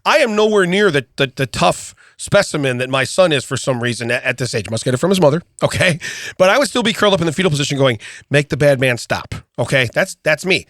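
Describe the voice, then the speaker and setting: A middle-aged man co-hosting a podcast, telling an animated story in casual chat, often checking in with "okay?" and restarting his sentences. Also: a little high, fast talker, hardly any pauses, no echo, studio quality. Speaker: podcast co-host.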